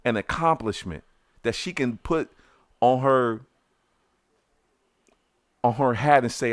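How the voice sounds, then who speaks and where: A middle-aged man with a Detroit accent tells a story from his own life in casual podcast talk. He gets heated, swears, stumbles over restarts and acts out the quotes loudly. The voice sits at a middle pitch and sounds dry and close to the mic. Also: lively intonation, moderate pace, pauses often, no room sound. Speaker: podcast co-host telling a personal story.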